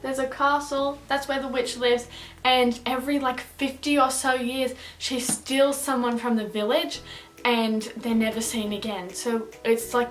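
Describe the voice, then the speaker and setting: A young woman with an Australian accent, chatting casually and upbeat through a book review vlog, rambling with fillers. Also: a little high. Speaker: book vlogger.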